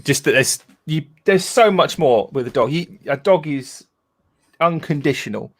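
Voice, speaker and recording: A man's voice: fairly high pitch, expressive, a little slow. A man co-hosting a casual podcast over a remote call, talking in a wry, teasing way. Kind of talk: casual chat. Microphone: remote call mic.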